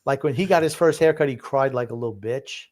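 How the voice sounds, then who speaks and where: A man's voice: mid-range voice, brisk, a little mellow. An older man co-hosting a casual podcast, teasing his co-hosts and reading viewer comments aloud. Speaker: co-host reading chat comments.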